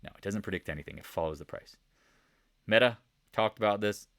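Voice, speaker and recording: A man giving a casual, joking stock market recap over charts, animated and rambling, with sound effects. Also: on the low side, fairly quick, dry recording, studio quality. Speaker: market commentator.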